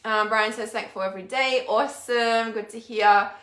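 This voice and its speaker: A woman's voice: fairly high pitch, steady tone, moderate pace, a bit bright, roomy sound. A woman hosting a casual live stream, reading out viewer comments and talking bluntly with frequent swearing. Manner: blunt, swears freely, rants with emphatic repetition. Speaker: intuitive healer and mentor hosting a live stream.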